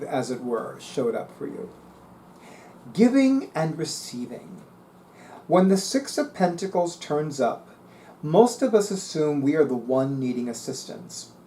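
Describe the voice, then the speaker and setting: A man's voice: fairly high pitch, mellow, slight background noise. A middle-aged man reading tarot articles aloud and musing on them in a casual, chatty way. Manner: musing, reads aloud then comments. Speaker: tarot reader.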